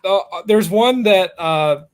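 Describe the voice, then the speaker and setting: A man co-hosts a casual podcast chat with a voice a little higher than most men's. He hesitates and searches for his words, jokes at his own expense, and laughs as he goes. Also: lively intonation, takes it slowly. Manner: hesitant, self-deprecating, laughs while talking. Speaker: podcast co-host.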